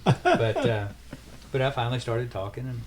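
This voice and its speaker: A man's voice: medium pitch, fairly even intonation, normal speed, crowd noise. A man chatting as a podcast guest, telling reflective stories. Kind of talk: casual chat.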